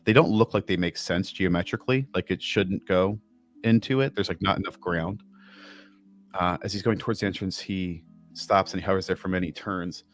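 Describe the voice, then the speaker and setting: A man narrating a tabletop game as game master, rambling and relaxed with many fillers. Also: deep voice.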